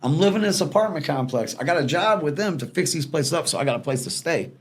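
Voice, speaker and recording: Fast-talking man telling stories. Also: a little high, breathy edge. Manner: fast, animated storyteller acting out quoted people. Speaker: podcast guest, former repo man. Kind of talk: casual storytelling.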